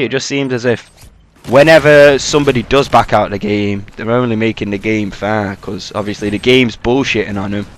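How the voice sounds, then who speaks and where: A man's voice: mid-range voice, a bit bright. A young man giving casual, rambling freestyle commentary over his own gameplay, swearing and using lots of fillers. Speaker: gaming commentator.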